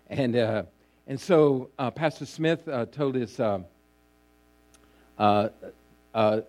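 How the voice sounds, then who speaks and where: A man preaching a sermon, reading scripture and then telling a long story in an unhurried way, often pausing on fillers and restarts, his voice trailing low at the ends of phrases. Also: darkish tone. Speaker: pastor.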